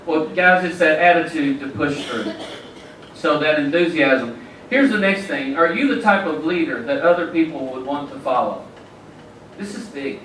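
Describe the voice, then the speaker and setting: At a moderate pace and a fairly high pitch, a man with a slightly bright tone gives an upbeat motivational talk as the conference keynote, full of preaching and storytelling. The large hall makes it echo from a distance, and there's slight background noise.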